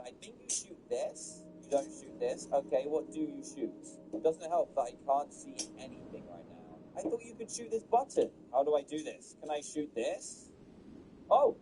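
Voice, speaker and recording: A man narrating his game run in an excitable, exasperated way, his voice dark and mellow yet swinging widely in pitch. A faint rumble sits under the recording. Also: low-quality recording. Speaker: gaming streamer. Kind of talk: Let's Play commentary.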